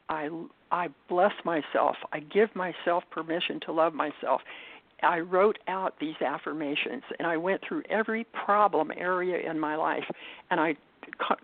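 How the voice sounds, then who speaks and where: An older woman giving an earnest personal testimony as an interview guest, halting and restarting as she talks. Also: sits low, no room sound. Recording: tinny phone line, dry.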